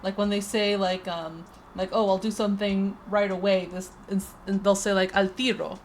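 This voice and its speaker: Chatty streamer, slight Spanish accent. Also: female voice, mid-range voice, flat delivery, moderate pace, a little mellow, a little hiss or hum. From Peru. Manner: over-enunciates consonants; chatty, rambling, many restarts. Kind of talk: casual game-stream chat. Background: faint game music.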